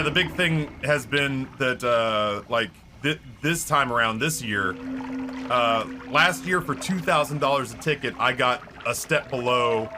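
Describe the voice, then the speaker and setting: Rambling, cussing man streaming a game. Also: mid-range voice. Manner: rambling, profane, heavy use of filler words. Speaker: Twitch streamer. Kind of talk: casual chat while streaming a game. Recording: clear background noise.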